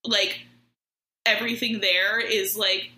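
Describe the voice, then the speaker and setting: A woman's voice: medium pitch, little pitch movement, slow pace, pushed and bright, echoey room, rough recording. A woman in her thirties telling a story in casual chat, with lots of "like" and laughing through it.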